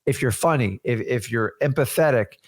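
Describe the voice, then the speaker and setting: A man's voice: mid-range voice, moderate pace. A man co-hosting a casual chat, talking in an emphatic, coach-like way straight to the viewers. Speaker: co-host.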